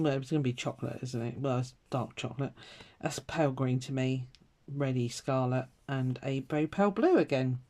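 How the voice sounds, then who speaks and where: A woman's voice: lowish voice, dark tone. A woman chatting casually to viewers while she colours, self-mocking and muttering to herself with little laughs. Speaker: colouring vlogger.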